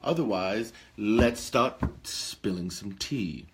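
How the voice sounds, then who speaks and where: A man with a low voice speaks slowly, with a little hiss or hum on the recording, playing a pompous, theatrical aristocratic vampire lord who hosts a talk show. In character, he uses grandiloquent speech and slips in gossipy asides.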